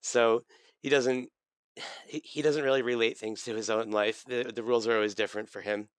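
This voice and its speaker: A man's voice: medium pitch, steady tone, moderate pace, smooth, dry recording. A man giving mocking, rambling commentary over a prank call video.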